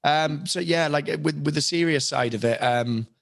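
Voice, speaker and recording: A young British man with a British accent speaks at normal speed in a fairly high, gravelly voice. A voice actor and impressionist, he chats casually on a podcast in a rambling, self-deprecating way with many restarts. The recording is dry and studio quality.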